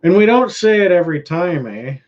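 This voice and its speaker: This Canadian live-stream host talks in a high, very animated voice at a fairly quick pace. His casual chat is rambling and relaxed, with sentences that trail off and restart. The stream's audio is dull and lo-fi.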